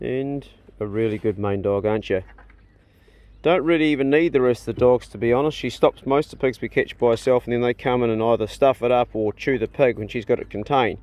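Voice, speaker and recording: A man's voice: mid-range voice, a little mellow. Easygoing Kiwi man chatting to his animals. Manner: easygoing, chatty, coaxing animals in a raised sing-song voice. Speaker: vlogger feeding his dogs and farm animals. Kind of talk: casual outdoor vlog, talking to animals. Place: outdoors on a rural property. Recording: music playing behind the voice.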